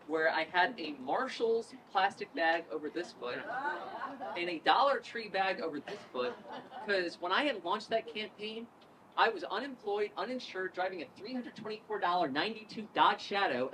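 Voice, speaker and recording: A woman in her thirties from Northern Virginia, a politician telling a lively story at an event, acting out quotes and laughing. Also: fairly low pitch. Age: 30s. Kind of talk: storytelling speech. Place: event room with crowd ambience. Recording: distant mic with noise.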